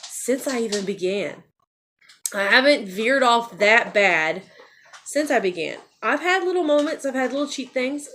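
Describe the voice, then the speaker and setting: Lady vlogging, chatty and candid, kinda repeats herself, higher voice. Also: a bit bright, slight background noise. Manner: candid, rambling, repeats phrases. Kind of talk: personal vlog confession.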